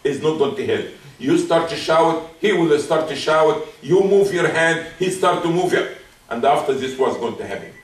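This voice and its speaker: In a mosque hall, a man preaches a Friday sermon emphatically, repeating his key points and acting out soft, apologetic asides. His voice is a little high and expressive at a moderate pace, and the distant mic gives it a roomy sound.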